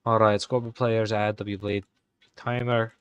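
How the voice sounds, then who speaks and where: A man hosting a live stream, talking casually and halting as he types commands. He mutters to himself and corrects himself, all in an exaggerated put-on Irish accent. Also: lowish voice, level tone, clean tone, no echo, highs cut off. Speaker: live-stream host coding game commands. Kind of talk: casual live-stream commentary while typing.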